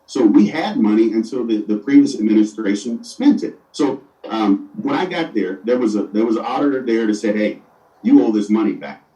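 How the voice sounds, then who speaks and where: A man's voice: medium pitch, animated, fairly quick, warm tone, faint music behind. A middle-aged man, a city mayor, answering interview questions earnestly and often stumbling over and repeating his words, recorded far from the mic in an echoey room.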